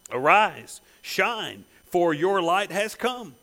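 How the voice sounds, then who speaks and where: A man preaching a sermon, emphatic, with rhetorical questions that build to loud peaks. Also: high voice, big pitch swings, slow pace, rough recording.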